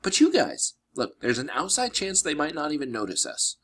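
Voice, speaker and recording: A man reading a storybook aloud and voicing a clever, quick-thinking young girl, urgent and decisive, pitched well above his own voice. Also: wildly swooping pitch, fairly bright tone, breathy edge, exaggerated voice.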